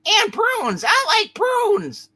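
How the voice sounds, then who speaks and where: A man's voice: extremely high pitch, sing-song, drawn-out words, bright, forceful tone, voice pushed up, full character voice. A man voicing a dim-witted, childish male crook in a live comic reading. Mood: dopey. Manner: childish, dopey.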